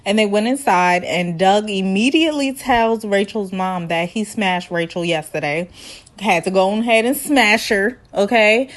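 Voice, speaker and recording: A woman in her late twenties hosting a casual, sassy reality TV recap, acting out the people she talks about and laughing often. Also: medium pitch. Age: 20s. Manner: sassy, animated storytelling with impressions and laughter.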